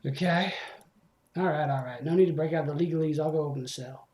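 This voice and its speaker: A man's voice: on the high side, quick pace, a little mellow, far from the mic, lightly acted. Indignant bird prison guard, read by a man. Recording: roomy echo.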